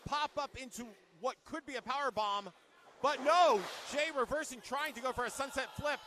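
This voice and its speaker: A man provides color commentary for live pro wrestling in a bright, fairly high voice. He's playful and throws in cheeky asides. Faint ambience hangs behind. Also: brisk, a little hiss or hum.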